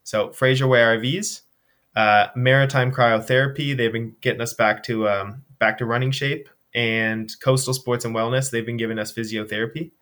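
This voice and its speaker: A man's voice: mid-range voice, normal speed. A young man from Nova Scotia, a charity runner, telling stories animatedly with lots of fillers in a casual interview over a video call. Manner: animated storytelling, frequent fillers. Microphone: remote video call.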